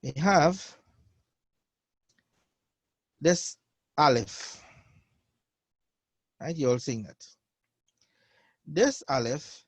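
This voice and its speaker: A man teaching a beginner Arabic class, patiently repeating each phrase slowly for his learners. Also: a little high, no room sound. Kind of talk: online beginner language lesson.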